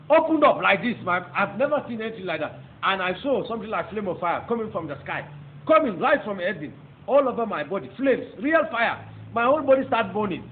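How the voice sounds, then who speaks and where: Fast, fervent Nigerian preacher, tinny sound. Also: male voice, high voice. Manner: fervent, emphatic, rising into exclamations. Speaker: preacher giving testimony. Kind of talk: testimony sermon. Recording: tinny phone-like audio with faint noise.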